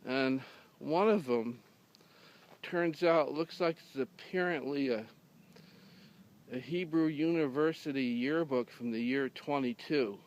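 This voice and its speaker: Taking his time, a man with a mid-range voice spins a rambling, humorous tale. His telling is dry and casual, peppered with fillers and restarted sentences.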